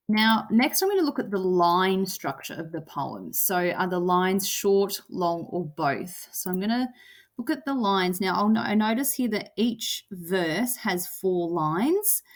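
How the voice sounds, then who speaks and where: A woman teacher walking through a lesson, thinking aloud with lots of "kinda" and "um". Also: fairly low pitch. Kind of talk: recorded lesson walkthrough.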